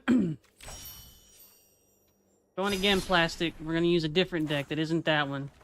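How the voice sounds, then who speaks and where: A man's voice: a little high, unhurried, long pauses, fairly bright tone, a little hiss or hum. A man giving casual, joking commentary to himself while streaming a card game. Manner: playful, jokey, talks to himself and the game.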